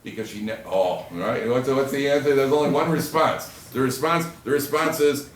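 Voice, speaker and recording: A man giving an animated Torah class as a rabbi, joking and acting out quoted husbands and wives. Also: on the high side, normal speed, few pauses, distant mic, a little hiss or hum. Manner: animated storytelling, acts out quoted husbands and wives, jokey asides. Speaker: rabbi lecturer. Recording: echoey room recorded from afar, faint ambience.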